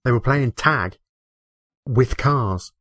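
A man's voice: medium pitch, slow, a bit bright, dry recording. A man from the UK chatting casually on a gaming podcast, dry and sweary with a matter-of-fact delivery. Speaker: podcast co-host.

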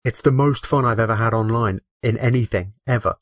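A man's voice: mid-range voice, fairly quick, no room sound. A man from the UK chatting casually on a gaming podcast, dry and sweary with a matter-of-fact delivery. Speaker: podcast co-host.

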